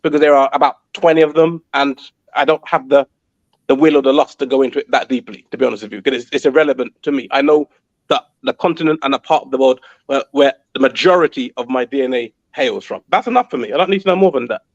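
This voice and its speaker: A man calmly explaining his view in a measured, somewhat halting way during a debate. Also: mid-range voice, no room sound, lo-fi sound. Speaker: panel participant. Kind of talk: casual debate.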